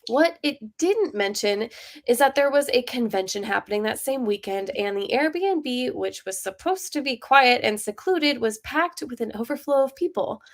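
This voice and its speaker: A woman reading her own short story aloud, then chatting in a lively way and laughing often. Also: on the high side, normal speed.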